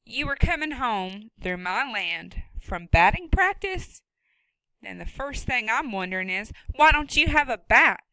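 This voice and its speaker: A woman doing a gruff, menacing farm woman. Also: on the high side, sing-song, dry recording, voice pushed up, exaggerated voice, rough recording. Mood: mocking. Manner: loud, drawn-out, challenging. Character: gruff one-legged woman, wry, menacing.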